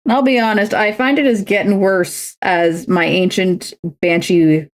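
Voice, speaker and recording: Here a woman speaks in a mid-range voice with a steady tone and normal speed. Cross-stitching at home on stream, she chats casually, rambles, and jokes at her own expense while telling stories.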